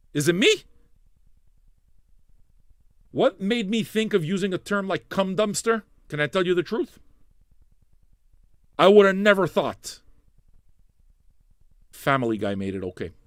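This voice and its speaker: With no room sound and a clean studio feel, this streaming radio DJ runs a live music stream, chatting loosely and swearing freely. He riffs and jokes on viewers' messages, bouncing between animated, abruptly loud moments and quiet mumbling.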